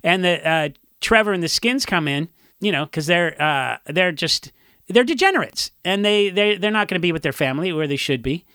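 A punk musician rambles through stories on a podcast, circling back with fillers and quick laughs. His voice sits a little high and sounds bright and forward. The recording is close and dry. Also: lively intonation, smooth, no echo. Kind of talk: casual chat.

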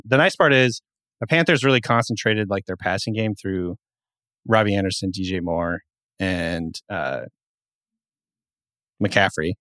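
A man's voice: lowish voice, a bit bright, no room sound. A man co-hosting a fantasy football podcast, talking in a rambling way and correcting himself as he goes. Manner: rambling, self-correcting, many fillers. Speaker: podcast co-host. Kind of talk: casual sports podcast chat.

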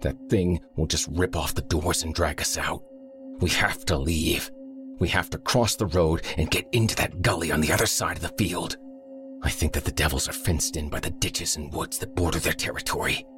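A man's voice: very deep voice, moderate pace, music in the background. A male narrator voicing a hardened, injured man who talks bluntly and gives orders. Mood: firm. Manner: blunt, commanding, snarling. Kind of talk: audiobook character voice.

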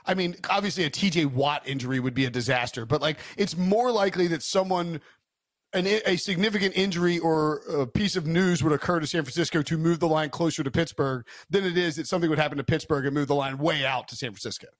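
Rambling male co-host, fairly high voice. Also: fast talker, no echo, clean studio sound. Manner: rambling, with many restarts and "like". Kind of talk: casual sports betting chat.

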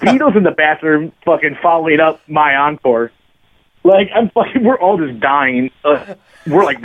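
A podcast guest who plays bass tells a sprawling, profane anecdote at normal speed, laughing along in casual conversation. His voice is a little high and expressive, and the audio sounds lo-fi, like it came through a phone.

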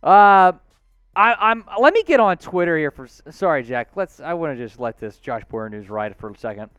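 A man hosting a live sports talk stream, excitable and shouting out supporters. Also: a little high, normal speed, clear, resonant tone, dry recording. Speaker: host.

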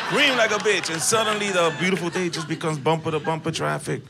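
A man doing a profane, animated stand-up routine on a club stage, acting out scenes with sudden yelps and shouts. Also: a little high, quick pace, vocal fry, few pauses. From Latino, in Los Angeles. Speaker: stand-up comedian. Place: comedy club stage with audience. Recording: noisy live club recording with laughter.

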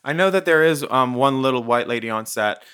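A man's voice: mid-range voice, lively intonation, brisk, fairly bright tone, clean tone. A man co-hosting an interview who talks in a playful, effusive way and laughs easily. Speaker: co-host. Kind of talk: casual interview chat.

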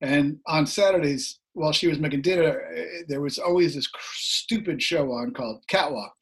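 A middle-aged man, a musician guest, telling a story in casual chat, laughing often and acting out the voices he quotes, his voice slightly rough. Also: on the high side, normal speed.

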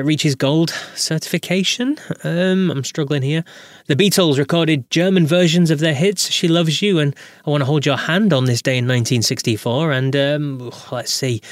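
A man's voice: fairly high pitch, dry recording, clean studio sound. A man hosting a daily classic rock podcast, reading a script with chatty, candid asides. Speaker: podcast host.

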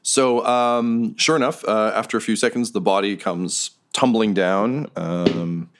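Very deep-voiced male game master. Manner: halting, with frequent filler pauses. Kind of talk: narrating a tabletop game.

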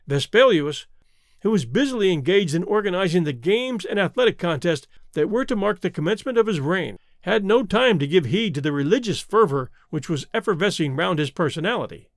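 Male storyteller reading an old tale, high voice that moves around a lot, dry close mic. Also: animated, brisk, no room sound. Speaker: narrator. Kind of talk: scripted audiobook narration.

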